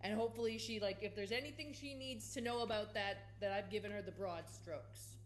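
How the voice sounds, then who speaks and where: A woman's voice: medium pitch, fairly quick, a little hiss or hum. A woman player at a tabletop role-playing game, talking in a playful, wry way. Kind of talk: tabletop role-play chat. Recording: roomy echo.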